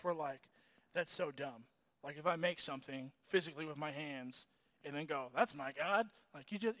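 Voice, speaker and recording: A man's voice: on the high side, fairly bright tone. A man giving a casual, conversational sermon, retelling a story with restarts, fillers and chuckles. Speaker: preacher.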